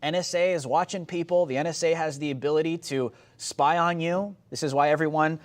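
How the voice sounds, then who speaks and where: A young man hosts political commentary in a heated, emphatic way. His voice sits a little high and jumps to loud, sarcastic bursts as he presses his points. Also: steady tone, a little fast.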